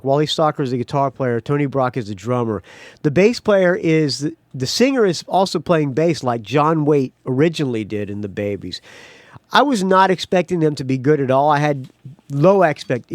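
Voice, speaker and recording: A man's voice: mid-range voice, no room sound, studio quality. A man hosting his own podcast, telling a rambling story in a casual monologue and acting out other people's lines. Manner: rambling storyteller, acts out quotes loudly. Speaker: podcast host.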